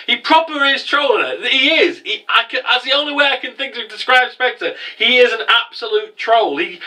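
A man recapping an anime episode in a rambling, excitable way. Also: very high voice, moderate pace, hardly any pauses, far from the mic, low-quality recording. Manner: rambling, excitable, mocking impressions of characters. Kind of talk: casual spoken recap.

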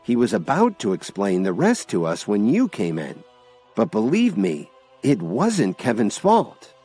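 A man's voice: on the low side, huge pitch swings, measured pace, a little mellow, slightly rough, soft background music, pitched above the performer's own voice, full character voice. A man voicing an exasperated young woman pleading with her father. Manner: pleading, insistent.

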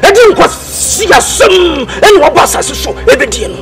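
An actor playing a distraught man who laments and scolds in a passionate monologue, now crying, now shouting. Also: very high-pitched, big pitch swings, a little fast, gravelly, heavily acted, low-quality recording. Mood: lamenting. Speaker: film character. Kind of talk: emotional dramatic monologue. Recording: movie dialogue over loud music score.

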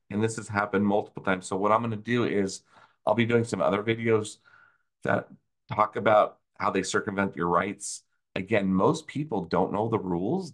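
A man hosting a video, explaining a tax audit problem in an angry, sarcastic rant and repeating phrases for emphasis. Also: on the low side. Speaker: tax consultant host.

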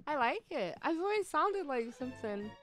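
A woman chatting casually on a game live stream, excitable and giggly, with lots of likes and ums. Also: high-pitched, normal speed, soft background music. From United Kingdom.

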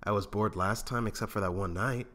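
Guy reading as a stubborn smartmouth smuggler, low voice, grumbly and sarcastic, fan audiobook. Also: fairly quick, fairly bright tone, natural voice. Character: cocky, stubborn male smuggler, middle-aged.

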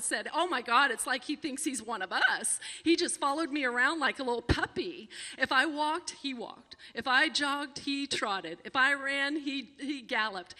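A woman in her forties telling a personal story on stage to a small live audience, animated and often laughing. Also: high voice, big-room sound. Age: 40s.

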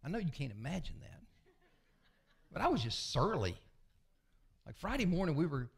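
A man, a pastor preaching a sermon with folksy, confessional storytelling that often sinks to a low murmur. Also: big pitch swings, moderate pace, creaky, breathy edge. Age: 60s.

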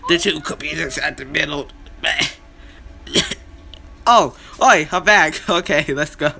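A gamer doing let's-play commentary, often screaming in panic and yelling at a teammate. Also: medium pitch, slow pace.

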